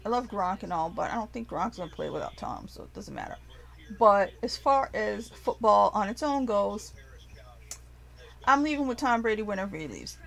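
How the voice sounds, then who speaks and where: A woman ranting casually to her viewers, animated and profane, rambling with frequent restarts. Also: medium pitch, moderate pace, creaky, low-quality recording. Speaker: vlogger. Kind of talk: casual rant to camera.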